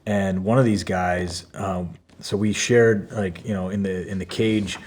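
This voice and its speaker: A man's voice: deep voice, steady tone, a little slow, a little mellow, a little hiss or hum. A man, a podcast guest, tells a story in loose, casual talk full of fillers and swearing. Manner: loose, profane, many fillers.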